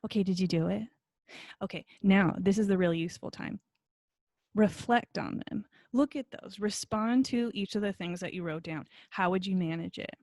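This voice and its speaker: A woman's voice: medium pitch, normal speed, darkish tone, no room sound, studio quality. A woman instructor recording a video lecture on her computer, talking in a friendly, encouraging way with frequent fillers. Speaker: college instructor.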